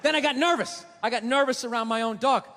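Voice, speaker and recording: A man doing a stand-up comedy set on stage, ranting and profane, swinging between low mutters and shouts, with audience laughter. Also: quick pace. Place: large theater stage. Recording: live theater, long reverb, audience noise.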